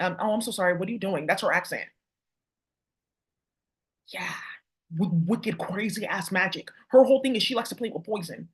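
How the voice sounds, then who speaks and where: A woman's voice: a little high, a bit bright. A woman vlogger talking casually to her viewers, rambling, swearing and turning confrontational. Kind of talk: casual spiritual rant to viewers.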